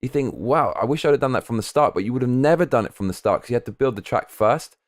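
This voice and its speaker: Guy on a livestream talking through his track, rambly, swears a lot, mid-pitched voice. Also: animated, fast. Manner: rambling, swears freely, explains his thinking aloud. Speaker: livestreamer making a music track. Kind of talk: casual livestream chat.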